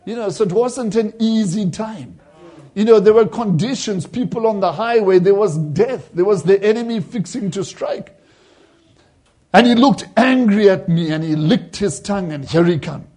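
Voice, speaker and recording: A man preaching a sermon and recounting a vision. His voice sits high but has a mellow, dark warmth. A husky grain runs through it as he leans into the quoted voices with emphasis. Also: normal speed.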